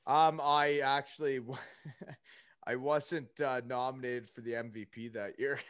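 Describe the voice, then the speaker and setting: A man's voice: medium pitch, flat delivery, unhurried, a bit bright, clean tone, no room sound, clean studio sound. A young man telling a story in casual chat, rambling with lots of fillers and asides. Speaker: podcast guest.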